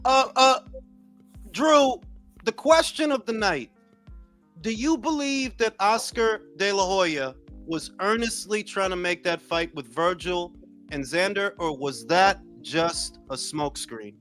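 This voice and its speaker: A man hosting a casual late-night boxing chat, loud and joking, calling on each guest in turn. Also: high-pitched, lively intonation, slow, soft background music. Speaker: podcast host.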